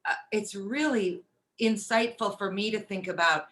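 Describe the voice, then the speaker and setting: Bright-voiced woman host, reflective. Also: medium pitch, normal speed. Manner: reflective, empathetic. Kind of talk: casual chat.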